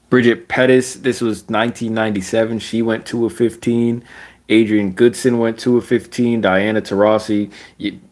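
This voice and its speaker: A young man giving casual, slangy basketball commentary. He rants, laughs often and mocks other people with sudden high-pitched voices. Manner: animated, laughing, slangy, mocking voices with big pitch jumps.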